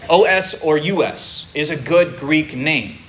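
A man teaches a congregation through a sermon in a bright, forceful voice pitched slightly high, taking things slowly. He walks through his points step by step and keeps checking that listeners are following, with faint room ambience and slight background noise behind him.

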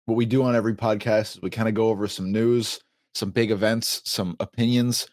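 A man's voice: lowish voice, little pitch movement, brisk, darkish tone, no echo, clean studio sound. A man hosting a podcast, chatting casually and explaining things at length with small laughs. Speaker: podcast host.

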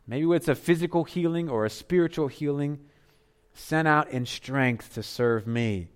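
A man preaching a sermon as pastor, earnest, dropping to softer tones for emphasis. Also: on the high side, measured pace, clear, resonant tone.

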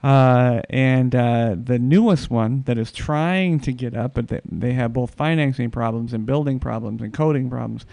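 A man hosting a casual podcast chat, talking haltingly with many restarts and fillers. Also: mid-range voice, creaky, warm tone, dry recording. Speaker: podcast host.

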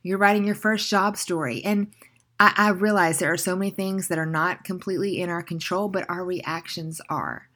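A woman's voice: on the low side, fairly even intonation, moderate pace, a bit bright. A woman in her twenties hosting a faith podcast, talking in an earnest, encouraging, conversational way. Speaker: podcast host. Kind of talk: casual faith podcast monologue.

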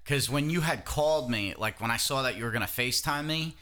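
A man's voice: mid-range voice, brisk, crowd noise. A man co-hosting a podcast, telling a rambling story in crude, profane casual talk and laughing at himself. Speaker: podcast co-host.

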